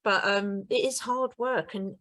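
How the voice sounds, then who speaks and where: A woman's voice: medium pitch, steady tone, measured pace, a bit bright. A woman co-hosting a podcast, praising her guest in long, effusive, running sentences. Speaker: podcast co-host. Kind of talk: casual interview chat.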